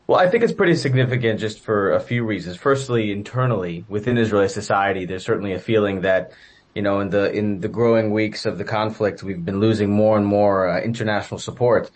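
A man speaking as an educator and interview guest, answering in measured, structured points with frequent uh and um. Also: fairly low pitch. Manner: measured, many fillers.

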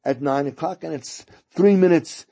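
A man voicing a hurried male visitor who stammers as he rushes to a meeting. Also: a little high, gravelly, dark tone. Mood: patient. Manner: flustered, stammering.

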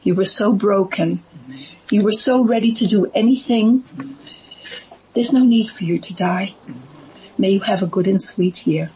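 A woman voicing a wise old male rabbi who speaks calmly and gently. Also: high-pitched, unhurried, long pauses, highs cut off, slight background noise. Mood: gentle.

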